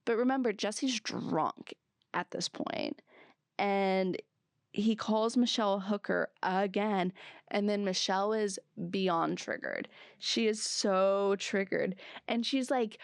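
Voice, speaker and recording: A young woman with a Southern California Valley accent, hosting a solo podcast recap in chatty, animated talk, swearing freely and jumping between asides. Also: medium pitch, takes it slowly, gravelly, clear, resonant tone, no room sound, studio quality. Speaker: podcast host.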